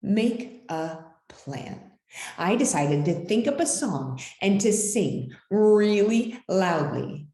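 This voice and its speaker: A woman's voice: mid-range voice, big pitch swings, takes it slowly, dark tone, echoey room. A woman reading a children's picture book aloud as storyteller, with dramatic, swooping delivery.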